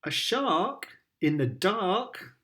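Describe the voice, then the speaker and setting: Slow sing-song British dad reading aloud. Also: male voice, sits high, sing-song, bright, forceful tone. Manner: playful, with sound effects. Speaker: father reading to his child. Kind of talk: reading picture books aloud.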